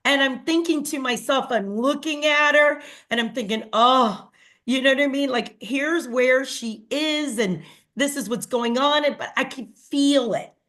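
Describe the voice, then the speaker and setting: A woman gives a motivational talk to her team in a slightly high voice. She speaks slowly and earnestly, talks straight to her listeners, and acts out the conversations she retells. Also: a bit bright. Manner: earnest, addresses listeners directly; acts out quoted dialogue with a raised voice. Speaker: team leader speaking to a sales team.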